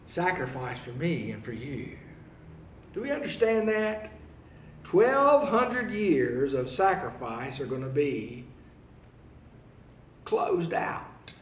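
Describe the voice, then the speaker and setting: A male preacher delivering a sermon, swinging between loud, emphatic proclaiming and hushed, pleading appeals. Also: fairly high pitch, very animated, takes it slowly, reverberant, recorded from a distance, a little hiss or hum.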